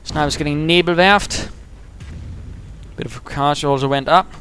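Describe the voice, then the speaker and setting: A man giving chatty play-by-play commentary on a strategy game match, getting excited at the big moments. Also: fairly high pitch, moderate pace, a little hiss or hum.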